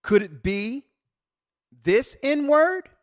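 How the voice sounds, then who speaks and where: Here a male church elder who hosts a show discusses a news piece like a sermon, full of rhetorical questions and repeated stress. His voice is very high, and he draws out his words.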